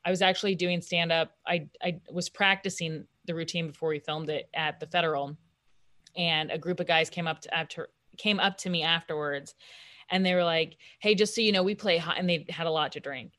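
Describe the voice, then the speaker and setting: A woman comedian in casual podcast chat, telling stories in a lively way and acting out what people said. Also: lowish voice, brisk, no echo, clean studio sound. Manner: animated storytelling, acts out quoted voices.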